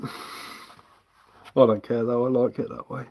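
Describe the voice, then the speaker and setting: A man's voice: medium pitch, little pitch movement, measured pace, highs cut off. A middle-aged man from England, chatting casually on a live stream, rambling, swearing freely and laughing often.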